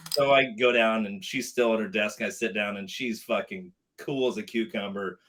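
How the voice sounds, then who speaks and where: A middle-aged man telling a story in casual chat, animated and profane, acting out both sides of a conversation. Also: on the low side, moderate pace. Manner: animated, acts out dialogue, swears often. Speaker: podcast guest telling a story.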